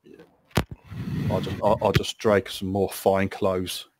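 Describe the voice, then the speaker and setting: A man's voice: sits low, monotone, slow pace, darkish tone, dry recording. A man, narrating and running a tabletop game as game master, stumbling through restarts and laughing often.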